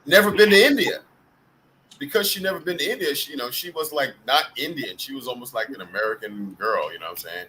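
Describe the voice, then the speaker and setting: A man's voice: medium pitch, lively intonation, fast, bright, forceful tone, slight background noise, low-quality recording. A man hosting a live group video call, telling rambling, profane stories with bursts of laughter. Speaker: host of a live group chat. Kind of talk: casual storytelling chat.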